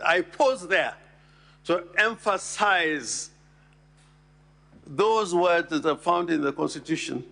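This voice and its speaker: Guy addressing the senate, highish voice, slow and deliberate, hammers his key words. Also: expressive, creaky, bright, forceful tone. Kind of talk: formal address at an impeachment hearing.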